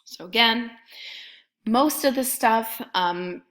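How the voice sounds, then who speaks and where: A woman's voice: fairly high pitch, slow, a bit bright. A woman math instructor giving a recorded lecture, methodically talking through each step as she writes it out.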